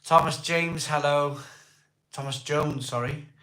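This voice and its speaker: A Welsh man with a voice hoarse from a cold, hosting a casual live stream, greeting viewers by name and asking for likes. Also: a little high, steady tone, slow pace, sharp tone. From Wales. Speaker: livestream host. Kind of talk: casual live chat reading viewer comments. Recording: echoey room.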